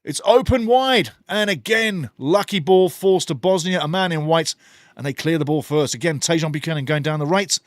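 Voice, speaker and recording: Brief: male watchalong host, excited play-by-play with low opinionated asides, fairly high voice, dry close mic. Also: a little fast, dry recording. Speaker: watchalong host commentating a match. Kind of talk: live match commentary with chat replies.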